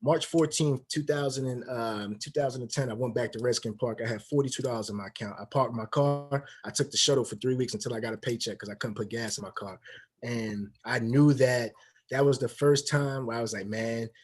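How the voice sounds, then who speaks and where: A man's voice: medium pitch, fairly quick, husky. A man in his thirties, a former football player, telling stories in a casual interview and acting out the dialogue. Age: 30s. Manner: animated storyteller, acts out quoted dialogue.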